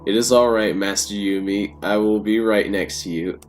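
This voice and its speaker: A man reading a story aloud and voicing a calm, polite talking watch that speaks formally and gently. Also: fairly low pitch, normal speed, faint music behind, natural voice. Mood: gentle.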